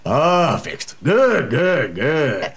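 Jovial Japanese-accented sushi chef; slow, wildly lively delivery, broken English. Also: male voice, a little high, slightly rough, heavily acted. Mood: friendly. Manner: broken English, jovial and teasing, bursts into yelling. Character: cheerful, chatty middle-aged male sushi chef. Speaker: sushi bar owner.

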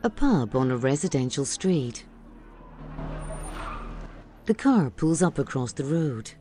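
A woman reads audio description for a film, setting each scene steadily and clearly. Her voice is low and mellow, with a lively pitch. A faint hum of background noise sits under her. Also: slow.

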